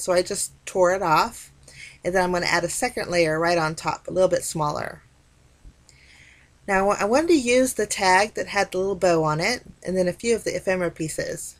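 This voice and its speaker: A woman hosting a crafting video, chatting enthusiastically as she walks through a card kit. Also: on the low side. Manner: chatty, enthusiastic, frequent "super pretty". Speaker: crafting channel host. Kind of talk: casual product walkthrough.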